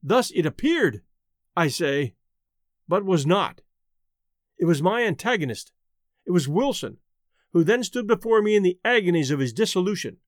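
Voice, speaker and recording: A man narrating a gothic tale as a dramatic reading, measured and slowing for emphasis. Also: sits high, big pitch swings, no echo, clean studio sound.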